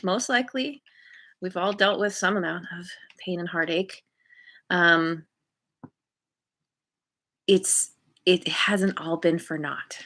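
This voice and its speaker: A woman giving an intuitive tarot reading to her viewers, gentle and encouraging, often pausing to search for words. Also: on the low side. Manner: encouraging, spiritual. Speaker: tarot card reader.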